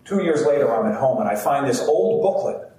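A man's voice: mid-range voice, animated, brisk, warm tone. A man, an actor and storyteller, giving a heartfelt live performance that he speaks straight to the audience. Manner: heartfelt, addressing the crowd directly. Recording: roomy, distant outdoor sound with faint background noise.

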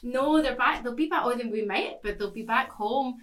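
A woman's voice: fairly high pitch, moderate pace, a bit bright. A woman chatting casually as a podcast guest, rambling with lots of "like" and frequent laughter. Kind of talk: casual chat.

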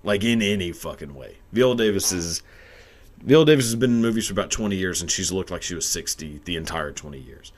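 A young man with a low, deep voice rants crude, profane commentary straight into his camera. His pitch swings widely as he rambles, swears and laughs. The delivery is loose and unscripted. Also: animated, fast. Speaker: video commentator. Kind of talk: crude comedic rant. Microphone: camera mic.

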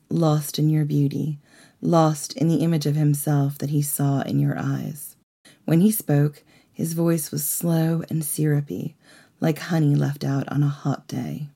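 A woman with a gravelly voice, telling a myth in slow, hushed second-person narration. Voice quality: gravelly, low voice. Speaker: podcast co-host.

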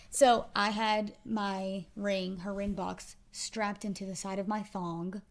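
A woman's voice: medium pitch, fairly even intonation, takes it slowly. A woman guest, with many fillers and restarts, telling her story casually in an interview. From Arkansas.

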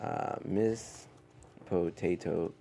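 A man co-hosting a casual entertainment talk show, joking and trying quick impressions. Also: deep voice, steady tone, creaky, mellow. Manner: jokey, tries quick impressions. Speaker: co-host. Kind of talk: casual chat.

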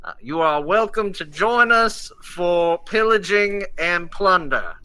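A man's voice: fairly high pitch, huge pitch swings, takes it slowly, loud music behind the voice, heavily acted, poor audio. A man playing a character in a tabletop game who announces to pursuing vehicles through a megaphone, mock-formal and polite with hesitant fillers. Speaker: player. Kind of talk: tabletop role-play in character.

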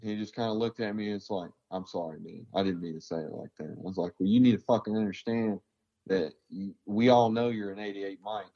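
A man's voice: lowish voice, fairly even intonation, brisk, dark tone, muffled recording. Blunt, profane male army veteran. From American South. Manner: blunt and profane, rambling with many fillers. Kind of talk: casual interview storytelling.

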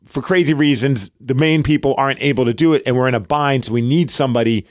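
A man with a New York accent, co-hosting a casual podcast. He tells a long story at an everyday pitch and keeps breaking into the voices of the people he quotes. The sound is dry, with no room echo. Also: quick pace. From Brooklyn, New York. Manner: rambling, acts out quoted dialogue. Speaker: podcast co-host.

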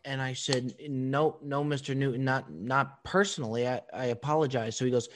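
A man co-hosting a podcast, telling a story to his co-host in an animated, profane way. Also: medium pitch, moderate pace, few pauses. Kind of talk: casual storytelling chat.

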